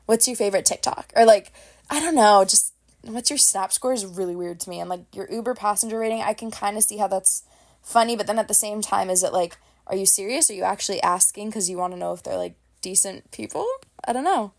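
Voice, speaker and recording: A woman's voice: medium pitch, fairly quick. A young woman hosting a solo hockey podcast from home, chatting casually with lots of "like"s and self-aware laughs. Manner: chatty, many "like"s, laughs at herself. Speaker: podcast host. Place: home, dogs beside her.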